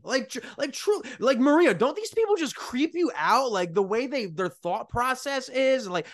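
A man hosting a podcast, talking casually and with animated, mocking asides. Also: very high-pitched, a little slow, dry recording, clean studio sound. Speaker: podcast host. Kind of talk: podcast conversation.

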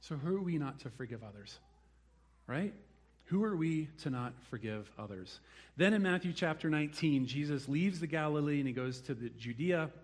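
A male preacher delivering a sermon in a lively, storytelling way. His voice sits a little higher than most men's. He brings the figures he quotes to life with their own voices. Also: moderate pace. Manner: animated storytelling, acting out the quoted characters. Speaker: pastor.

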